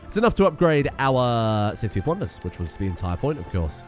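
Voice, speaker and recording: Man, gaming streamer, casual commentary, swears a lot, easily sidetracked, mid-range voice, soft music in the background. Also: mid-range voice, animated, fairly quick. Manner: chatty, profane, easily sidetracked. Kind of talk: casual strategy game commentary.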